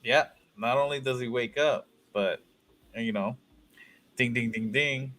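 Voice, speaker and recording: A man's voice: mid-range voice, a little slow, a bit bright. A man co-hosting a casual movie review chat in a laid-back, joking way. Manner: laid-back, profane banter. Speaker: podcast co-host.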